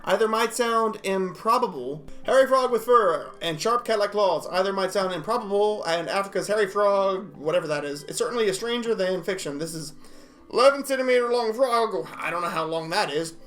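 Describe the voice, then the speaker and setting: A man reacting to animal clips in a jokey, excitable way, reading facts aloud, often laughing and stumbling over words. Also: high voice, a little fast. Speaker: video reactor.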